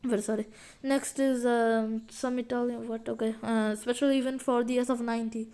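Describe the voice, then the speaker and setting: A woman talks through a game update in a loose, rambling way, full of fillers and restarts. Her voice sits a bit high, with a mellow, soft tone. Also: level tone, moderate pace, clear, resonant tone. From India. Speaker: gaming video creator. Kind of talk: casual game update commentary.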